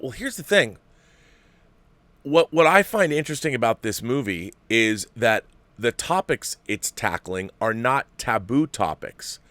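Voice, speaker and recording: Male host, forties, casual rambling talk, reads letters aloud, mid pitch, dry sound. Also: fairly bright tone, no room sound. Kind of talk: casual livestream talk, reading viewer letters.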